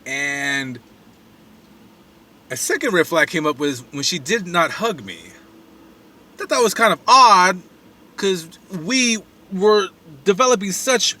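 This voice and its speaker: A man's voice: fairly high pitch, pushed and bright. A man vlogging alone on a phone camera, telling a story in a loose, rambling way full of fillers and quoted asides. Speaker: van-dwelling traveling vlogger. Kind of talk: casual storytelling monologue. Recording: voice slightly distant from the mic.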